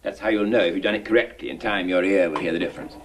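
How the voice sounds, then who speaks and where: A man's voice: sits low, rapid-fire, natural voice. An actor playing an exacting, impatient male phonetics professor who drills his pupil with precise, hectoring diction in a musical film. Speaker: speech tutor drilling a pupil. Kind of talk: 1960s musical film acting.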